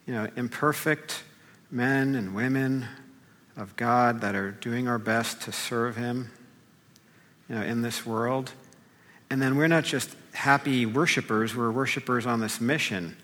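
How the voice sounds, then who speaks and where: A man gives a relaxed, conversational sermon, rambling a little with fillers as he sketches his ideas. His mid-range voice rings out with a long reverb tail, as if heard in a church hall. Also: medium pitch, a little slow. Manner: conversational, loose, many fillers, drawing while talking. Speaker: pastor. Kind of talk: informal sermon.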